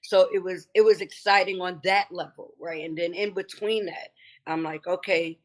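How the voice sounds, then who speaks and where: A woman's voice: on the low side, normal speed. An older woman with an East Coast American accent, a guest on an interview show telling her story animatedly. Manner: warm, grateful, animated storytelling. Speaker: guest business founder. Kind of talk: casual interview chat.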